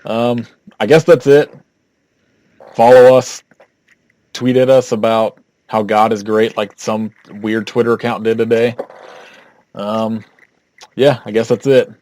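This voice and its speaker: A man's voice: fairly low pitch, steady tone, measured pace, pauses often, a little mellow, no echo. Laughing, rambling male podcast host. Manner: laughs often, rambling with fillers. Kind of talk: casual chat.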